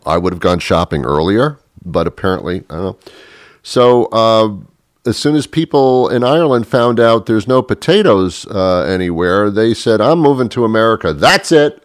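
A man's voice: sits low, no room sound, clean studio sound. A male radio host delivering a comic monologue, rambling and stammering and poking fun at himself. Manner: rambling, stammering, self-mocking. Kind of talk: comedic talk radio monologue.

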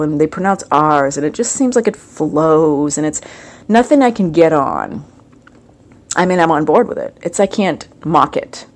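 A woman talks through a casual comedic monologue with a chatty, rambling flow. Her pitch swings widely and animatedly as she goes, breaking into playful impressions. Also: darkish tone. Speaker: host.

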